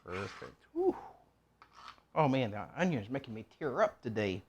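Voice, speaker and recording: Man, cooking host, rambling jokey chatter, mid pitch, faint background hiss. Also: sing-song, normal speed, a little mellow. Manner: rambling, joking, talks to himself while chopping. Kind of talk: casual cooking vlog chat.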